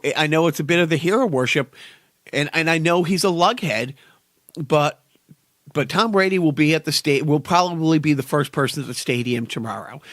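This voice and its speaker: A man's voice: a little high, a bit bright, no room sound, studio quality. A man co-hosting a podcast, rambling through casual sports chat and repeating his words as he goes. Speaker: podcast co-host.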